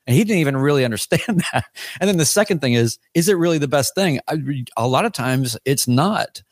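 A man's voice: on the high side, expressive, a little fast, no room sound, studio quality. A man co-hosting a podcast, talking in a casual, rambling way with lots of restarts. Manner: rambling, with many restarts and fillers. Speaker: podcast co-host.

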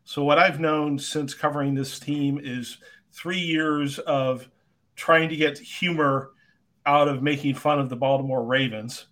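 A man's voice: a little high, steady tone, measured pace, a bit bright. A middle-aged man co-hosting a sports podcast, speaking in a laid-back, reflective way. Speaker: podcast co-host. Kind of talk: casual sports talk.

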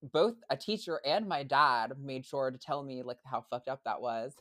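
A woman's voice: very deep voice, normal speed, a bit bright. Young woman guest, chatty, lots of likes and ums, starts over a lot. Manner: hesitant, many fillers and restarts. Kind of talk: casual interview chat.

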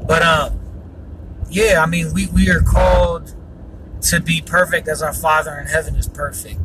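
Recorded from a distance with background noise, a slightly high-voiced man talks unhurriedly with fairly even intonation and long pauses. Earnest and rambling, he hosts a personal faith podcast, peppering it with fillers and frequent yawns.

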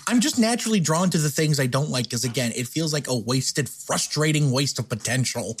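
A man's voice: medium pitch, lively intonation, quick pace, few pauses, slightly rough. A man hosting a casual film review podcast, blunt and profane, often correcting himself mid-thought. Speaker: podcast host.

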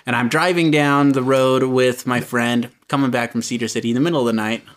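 A young man telling a comic anecdote in casual chat. He laughs often and jumps high in pitch when he acts out voices. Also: fairly even intonation, brisk.

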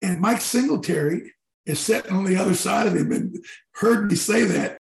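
Animated storytelling former football player. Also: male voice, sits high, moderate pace, vocal fry, roomy sound, rough recording. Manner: animated, swears, acts out teammates' lines. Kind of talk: storytelling in casual conversation.

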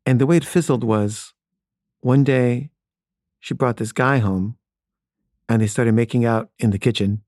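A man's voice: mid-range voice, a little mellow, dry recording, clean studio sound. A man telling a candid personal story from his past in a wry, conversational way.

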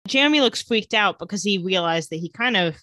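A woman chats through a TV episode recap with a bright, forward tone. Her voice sits dry and close, with no room sound. She keeps slipping into quick acted-out quotes of the characters. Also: mid-range voice, no echo. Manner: animated retelling with acted-out quotes. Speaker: podcast co-host recapping a TV episode. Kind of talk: casual chat.

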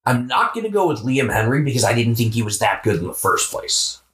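An American man co-hosting a podcast, talking about football in a relaxed, offhand way with the odd swear. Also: medium pitch, brisk. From United States. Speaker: podcast co-host. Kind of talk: casual sports chat.

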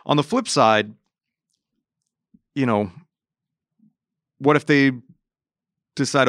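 A man talking politics on a casual podcast panel, thinking aloud with halting restarts. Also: medium pitch, fairly bright tone, dry recording, studio quality.

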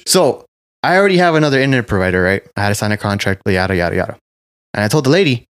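A man's voice: on the low side, sing-song, rapid-fire, clean tone, no echo, clean studio sound. A man co-hosting a casual podcast, swearing freely and telling long stories in which he acts out the people involved. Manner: profane storyteller, retells stories acting out the people in them. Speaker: podcast co-host.

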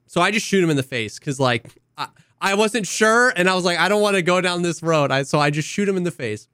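A man's voice: sits high, brisk, smooth, no echo, clean studio sound. A young man co-hosting a podcast, telling a story with lots of acted-out quotes and the odd cough. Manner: animated storyteller, acts out quotes, coughs now and then. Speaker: podcast co-host. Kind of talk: casual chat, storytelling.

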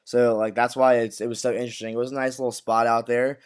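A man's voice: medium pitch, little pitch movement, quick pace, clean tone. A man co-hosting a podcast, chatting casually in loose sentences full of "like" and restarts. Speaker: podcast co-host. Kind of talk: casual recap chat.

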